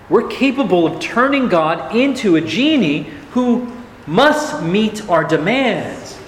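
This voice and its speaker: A man's voice: high-pitched, fairly bright tone, slight background noise. A man preaching a sermon as pastor, speaking in an earnest, challenging way and asking the congregation rhetorical questions. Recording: echoey hall, faint ambience.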